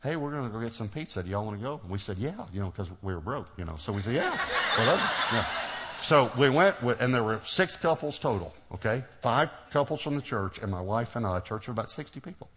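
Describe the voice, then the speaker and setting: A man's voice: mid-range voice, very animated, fairly quick, background noise. A middle-aged man preaching to a congregation, telling a personal story, acting out the dialogue and laughing often. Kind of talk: sermon storytelling.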